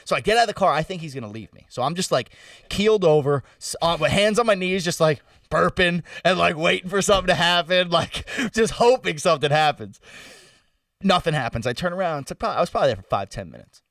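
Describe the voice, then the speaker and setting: Co-host: a young guy with a slightly high voice, rambling and animated, sitting back from the mic in a dry room. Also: fast, dry recording, far from the mic. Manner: loose and animated, lots of "like" and "bro". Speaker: podcast co-host. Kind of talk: casual storytelling chat.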